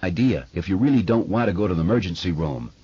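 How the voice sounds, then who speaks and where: A man's voice: deep voice, expressive, quick pace, warm tone, breathy edge, muffled recording. A man voicing a shy, earnest eleven-year-old boy who talks plainly, in an audiobook.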